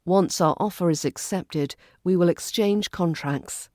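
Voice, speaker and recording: A woman with a British accent teaching pronunciation, drilling words and phrases slowly and carefully. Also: lowish voice, mellow, no room sound, clean studio sound. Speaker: accent coach. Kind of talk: pronunciation lesson.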